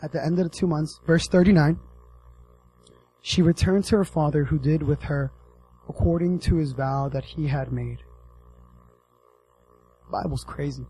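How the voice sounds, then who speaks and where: A man's voice: a little high, normal speed, long pauses, slight background noise, rough recording. A man giving a casual sermon as a youth pastor, joking and calling out to his listeners. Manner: animated, joking, addresses the audience directly.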